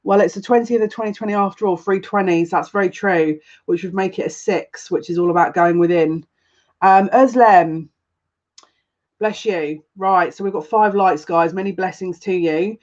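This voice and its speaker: Speaking at a normal speed, the woman has a fairly low, darkish voice captured in dull audio. She's a psychic reader rambling casually on a live stream and welcoming viewers individually by name, and her noticeable accent draws compliments from them.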